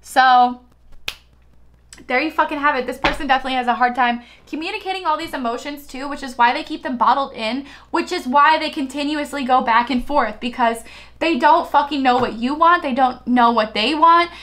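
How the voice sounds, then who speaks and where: A woman's voice: high voice, a little fast, a bit bright. A young woman giving a casual tarot reading, chatty and giggly, swearing freely as she talks. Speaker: tarot reader.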